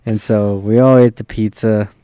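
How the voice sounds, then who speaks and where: A man's voice: on the low side, fairly even intonation, moderate pace, warm tone, clean tone, no room sound. A young man telling a long, loose road-trip story in casual chat, swearing freely and filling his talk with "like". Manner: loose and profane, full of fillers.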